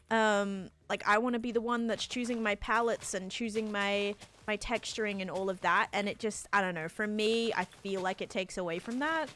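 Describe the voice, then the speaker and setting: A woman livestreamer chatting casually with viewers while she plays, talking loosely with lots of "like" and breaking into quick excited thanks. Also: medium pitch. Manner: chatty, heavy use of "like", bursts of excited thanks. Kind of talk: casual chat while playing, answering viewers.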